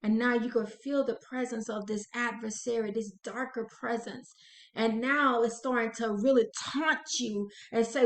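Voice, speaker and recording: A woman hosting an inspirational channel, narrating a guided visualization slowly and dramatically, speaking to the listener as "you". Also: on the high side, fairly even intonation. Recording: echoey room.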